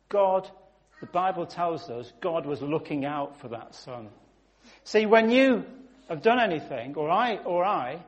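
A man, preaching a sermon through vivid, emphatic storytelling that rises suddenly in volume. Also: a little high.

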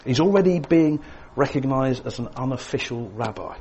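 A man preaching a sermon, swinging between emphatic lines and hushed, quiet ones. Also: medium pitch, moderate pace, few pauses, a little hiss or hum.

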